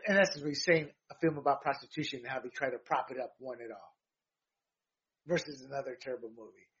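A man's voice: mid-range voice, fairly bright tone, breathy edge, highs cut off. A man hosting a news rundown show, delivering emphatic opinionated commentary that rambles with fillers and restarts.

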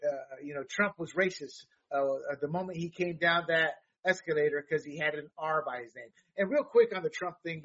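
A man with a high, husky voice talks politics in a heated, halting way, full of fillers and restarts. The recording sounds dull and lo-fi. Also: a bit bright. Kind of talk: casual political talk.

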